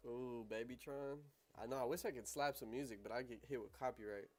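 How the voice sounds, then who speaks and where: A man's voice: mid-range voice, fairly quick, soft background music. A young man hosting a livestream on trading, talking casually in slang and laughing often.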